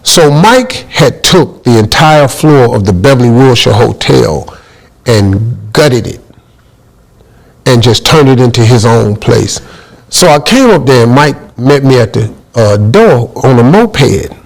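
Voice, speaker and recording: A middle-aged man telling a comic story in a lively way, acting out quotes and exclaiming as he goes. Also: medium pitch, unhurried, vocal fry, poor audio.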